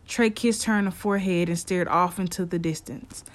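A woman narrating a story chapter in a steady storytelling manner. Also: lowish voice, moderate pace, slight background noise.

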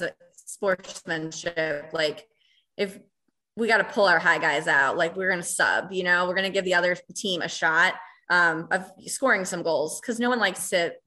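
A woman who runs a recreation program chats in an easygoing, hesitant way. Her voice is bright and forward. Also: lowish voice, normal speed. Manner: hesitant, filler-heavy, with light laughs. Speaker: special recreation program leader. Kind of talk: casual chat.

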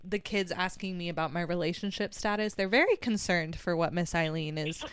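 A woman hosting a casual chat, a teacher who tells lively stories and laughs often. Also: on the low side, a little fast, clear, resonant tone. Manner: giggly, animated storyteller. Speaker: host.

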